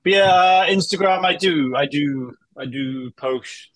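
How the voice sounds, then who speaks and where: A man's voice: fairly high pitch, a little slow, dry recording. A man from Wales, a guest in a casual interview, telling stories in a chatty, joking way. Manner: chatty, jokey, animated storytelling.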